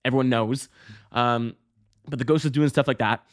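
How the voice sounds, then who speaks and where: A man hosting a podcast, telling a story casually with lots of fillers, restarts and swearing, breaking into loud high yelps. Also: steady tone, moderate pace. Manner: bursts into loud high-pitched exclamations when acting out scenes. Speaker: podcast host.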